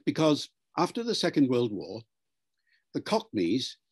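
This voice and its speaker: An older professor from Wales with a mixed British accent of Welsh, Liverpool and RP features, explaining in an interview in a measured, lecturing way and sounding out words as examples. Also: male voice, medium pitch, huge pitch swings, husky, no echo. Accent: mixed British, Welsh and Liverpool with some RP.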